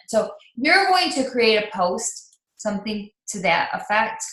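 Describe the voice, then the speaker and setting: A woman's voice: medium pitch, very animated, a little slow, sharp tone, echoey room. A woman leading a live online training for new team members, talking in a chatty, upbeat way with lots of ums and restarts.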